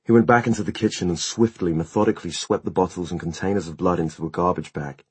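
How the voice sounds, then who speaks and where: A man narrating an audiobook in a measured, steady storytelling manner. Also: deep voice, breathy edge, no echo. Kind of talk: scripted narration.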